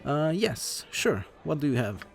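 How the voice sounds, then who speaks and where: A man commenting on a video game he plays, reading the game's text aloud in his own plain voice and talking in a halting way, with many fillers and restarts. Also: on the high side, very animated, creaky, faint music behind. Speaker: let's play host.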